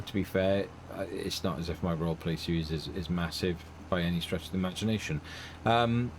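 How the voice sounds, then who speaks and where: A man's voice: on the low side, a little hiss or hum. A middle-aged man hosting a farming game let's play, chatting casually in a rambling, self-deprecating way. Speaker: gaming channel host.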